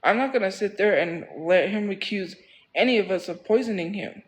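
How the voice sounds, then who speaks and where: Man, high voice, livestream storyteller; rambling, repetitive, defensive. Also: moderate pace, poor audio. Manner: rambling, repeats phrases for emphasis.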